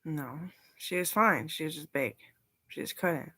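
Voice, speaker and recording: Rambling, cursing young woman, low-pitched. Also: measured pace, breathy edge, no echo. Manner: meandering and profane, drifting into soft whispers. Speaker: vlogger. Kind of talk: rambling casual monologue.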